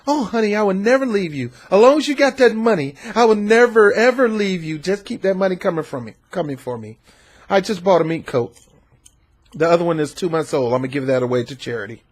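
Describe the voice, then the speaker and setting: Here a man impersonates a spoiled rich wife who dotes only on the money. The voice is a shrill, mocking falsetto, pitched well above a man's normal register, and it keeps a breathy, husky grain. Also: animated, fairly quick. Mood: doting. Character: spoiled rich wife, adult woman, greedy and doting.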